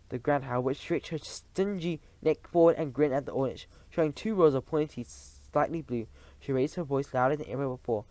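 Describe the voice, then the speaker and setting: A man reading a children's novel aloud in an animated storytelling manner. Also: medium pitch, a little fast, no echo. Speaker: reader.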